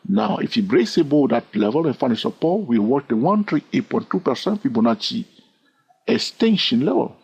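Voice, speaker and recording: Speaking in a non-native English accent, this trading educator keeps his chart lesson chatty and teasing, regularly checking that viewers are following. His fairly high voice is gravelly and husky, very animated, at a moderate pace. It's a screen recording with dull, lo-fi audio.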